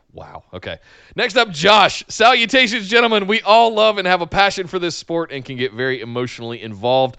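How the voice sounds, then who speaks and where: Male podcast co-host, smooth clear voice, thoughtful and a bit hesitant, dry close mic. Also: a little high, big pitch swings, normal speed, long pauses, a bit bright, no room sound. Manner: reads listener questions, thoughtful and hesitant. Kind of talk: casual podcast chat.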